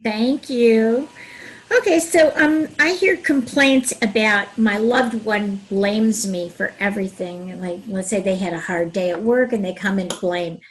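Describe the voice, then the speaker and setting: A woman co-hosting a relationship advice talk, speaking in a calm, gentle way. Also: mid-range voice, measured pace, slightly rough, rough recording. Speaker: relationship coach, co-host.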